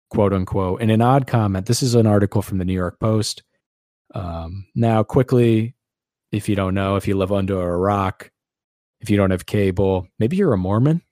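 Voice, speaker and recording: Male podcast host, low-ish voice, sarcastic and rambling, dry recording. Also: normal speed, dark tone, no echo. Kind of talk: casual podcast chat.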